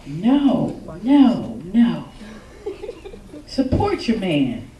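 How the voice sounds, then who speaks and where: A woman giving a joking, lively talk on relationships at a church service, acting out little quotes as she goes. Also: medium pitch, drawn-out words, lo-fi sound. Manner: animated, joking, acts out quotes. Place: church hall with congregation. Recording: echoey hall, mic from far off.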